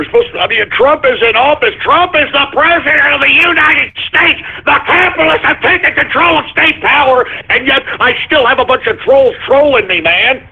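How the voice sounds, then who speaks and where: A male radio show host on a call-in show, swinging between shouted rants at trolls and forced attempts to calm himself. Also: extremely high pitch, normal speed, hardly any pauses. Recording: lo-fi internet radio audio.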